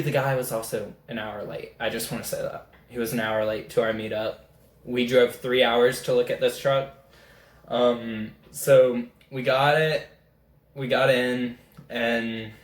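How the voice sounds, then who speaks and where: A young man, telling a rambling, excitable story as a casual vlogger. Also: mid-range voice. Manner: excitable, rambling, animated retelling. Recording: echoey room.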